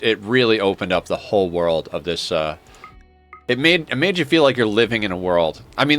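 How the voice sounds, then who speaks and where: Male streamer, lower voice, morning-groggy, rambling and enthusiastic, casual gameplay commentary. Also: a bit bright. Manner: rambling, enthusiastic, lots of fillers.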